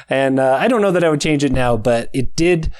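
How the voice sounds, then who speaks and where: Chatty American man, mid-pitched. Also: lively intonation, normal speed, a little mellow, smooth. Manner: chatty, laughs often, briefly demonstrates character accents. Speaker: author and audiobook narrator. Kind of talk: casual chat about his narration.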